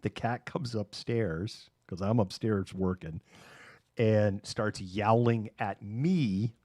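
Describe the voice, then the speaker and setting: Low-voiced man hosting a casual livestream. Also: slow pace, warm tone, dry recording, clean studio sound. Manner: rambling, laughs often, acts out voices in anecdotes. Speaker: live show host.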